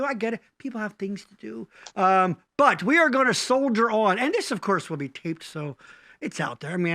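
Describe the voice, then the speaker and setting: High-voiced, lively man swearing freely. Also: no room sound. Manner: profane, rambling, quick to laugh. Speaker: co-host. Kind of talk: casual live-stream banter.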